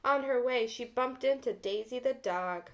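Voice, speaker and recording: A woman reading a storybook aloud to children as a teacher, gently pausing to ask them questions. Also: fairly high pitch.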